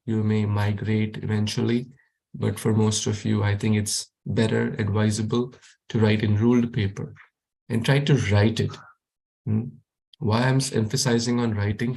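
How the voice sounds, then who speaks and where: A man's voice: lowish voice, vocal fry, darkish tone. A man teaching a youth class over a video call, encouraging students and repeating his questions.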